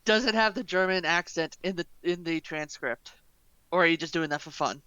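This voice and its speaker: Guy with a bright crisp high voice, teasing, dry dull-sounding mic. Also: normal speed, no echo. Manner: teasing, wry interjections. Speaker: podcast co-host. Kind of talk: casual chat.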